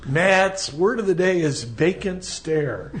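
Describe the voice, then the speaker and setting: A man's voice: high-pitched, lively intonation, slow pace. A man hosting a radio talk show, joking with his co-hosts and guessing aloud with fillers. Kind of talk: casual on-air chat.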